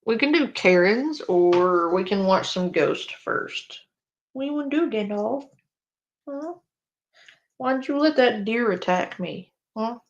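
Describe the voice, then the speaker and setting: Casting: unhurried woman streamer, loose and sweary, coos at her dog, dull lo-fi audio. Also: fairly high pitch, lively intonation. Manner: chatty, swears casually, coos and baby-talks to her dog. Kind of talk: casual live-stream chat.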